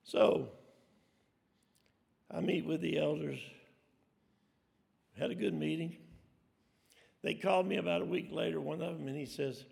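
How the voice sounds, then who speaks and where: Folksy man, gravelly, in a hall. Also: on the high side, moderate pace, pauses often, a little mellow. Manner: folksy, rambling, self-deprecating. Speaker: preacher. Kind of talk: storytelling sermon. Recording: long hall reverb.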